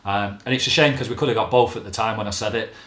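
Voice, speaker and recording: A man's voice: on the low side, quick pace, a bit bright. A man hosting a fan channel, ranting bluntly about football with plenty of swearing. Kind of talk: casual football rant to camera. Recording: echoey room.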